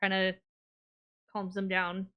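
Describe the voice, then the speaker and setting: A woman acting as game master in a casual tabletop game, calmly describing what happens. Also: mid-range voice, slow, clear, resonant tone, lo-fi sound.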